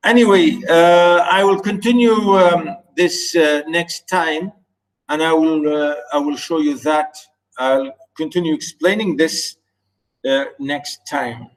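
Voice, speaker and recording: A man teaching an online poetry lesson, chanting stress patterns syllable by syllable with halting pauses and restarts. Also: fairly high pitch, fairly even intonation, poor audio. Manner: many fillers and restarts while explaining.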